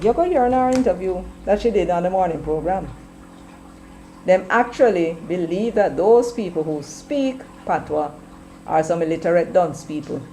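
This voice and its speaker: Jamaican woman host, forceful opinion talk, slips into patois, warm dark tone. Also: mid-range voice, slight background noise, rough recording. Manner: emphatic, mixing patois into English. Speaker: commentary show host. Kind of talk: opinionated live-stream commentary.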